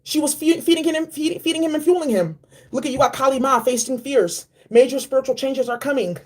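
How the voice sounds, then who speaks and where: A woman giving a casual spiritual card reading, animated and slangy, repeating key phrases. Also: high voice, fairly quick. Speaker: tarot and oracle card reader.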